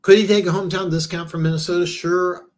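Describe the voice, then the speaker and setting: A man hosting a casual football talk show, his voice sitting a bit higher than most men's. He rambles and stammers through restarts, then climbs sharply in pitch when something baffles him. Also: fairly even intonation, fast. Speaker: podcast host.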